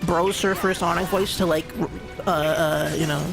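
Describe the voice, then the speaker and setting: A young man talks through a game in loose, rambling commentary, full of restarts and fillers. His voice sits fairly high, with a gravelly edge. Game music plays clearly beneath him. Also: steady tone, unhurried. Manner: rambling, restarts, lots of "like" and "you know". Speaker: streamer. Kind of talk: casual gameplay commentary.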